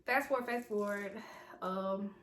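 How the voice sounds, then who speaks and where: A woman's voice: mid-range voice, measured pace, fairly bright tone, a little hiss or hum. A young adult woman vlogger in a casual storytime video, rambling and talking straight to her viewers. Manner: chatty, rambling, talks straight to viewers as "y'all".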